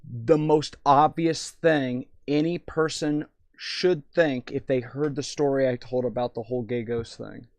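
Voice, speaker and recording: A man's voice: medium pitch, steady tone, a little slow, no room sound. A young man streaming in VR, tipsy and rambling, swearing freely while reading chat aloud.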